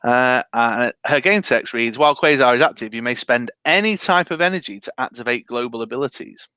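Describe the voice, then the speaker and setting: A man co-hosting a live stream, chatting about his game team in a rambling, hesitant way. His voice is bright and forceful, and it sounds dry and close with little room around it. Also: medium pitch, fairly quick, smooth, no room sound, muffled recording. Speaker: podcast co-host.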